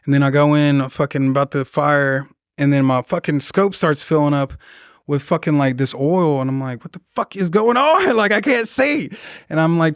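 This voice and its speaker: A young man tells a war story in rough, profane, casual speech, with a higher pitch than most men. He leaps into loud voices for the people in it. His voice is smooth and clear in a dry, close room. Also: no echo. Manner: profane, animated, acts out voices in his stories. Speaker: guest, Marine veteran.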